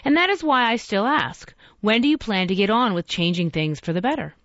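Woman voicing a calm, gently firm gentleman. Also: medium pitch, a little fast, no room sound, dull audio, lightly acted. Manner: even, gently persuasive.

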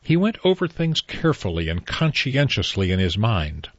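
Man narrating audiobook, low voice, husky, measured, dull dry recording. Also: very animated, no echo. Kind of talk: scripted narration.

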